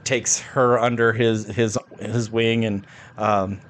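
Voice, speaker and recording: A man co-hosting a podcast, talking quickly and agreeably about films, often chiming in with short replies. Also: fairly low pitch, level tone. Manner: quick, chatty, agreeable with frequent backchannels. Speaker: podcast co-host. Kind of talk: casual film discussion.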